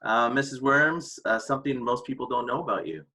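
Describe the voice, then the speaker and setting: A man hosts a relaxed chat, tossing out rapid questions and teasing his guests. His voice is bright and forward, sitting at an ordinary pitch for a man. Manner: playful, teasing. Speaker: host.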